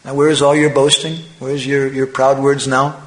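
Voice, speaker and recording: A man voicing a calm, saintly male swan who speaks simply and gently mocks a boaster. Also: medium pitch, quick pace, natural voice. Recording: echoey room.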